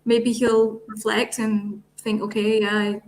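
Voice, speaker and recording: A woman hosting a casual chat as relationship coach, measured and affirming as she steers the talk. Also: medium pitch, little pitch movement, a little mellow.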